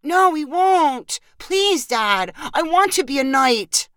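A woman reading aloud, voicing an excited young boy who begs eagerly in a pleading voice. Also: high-pitched, slow, no room sound, clean studio sound, pitched above the performer's own voice, full character voice.

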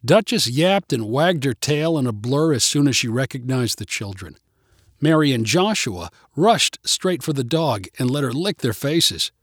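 Expressive man reading a storybook. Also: mid-range voice, unhurried, husky, dry recording, studio quality. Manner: expressive, even-paced narration. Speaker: narrator.

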